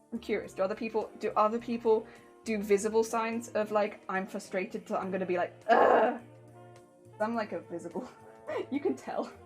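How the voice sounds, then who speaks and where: A woman streamer chatting casually while sewing, bubbly and rambling, laughing often. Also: fairly high pitch.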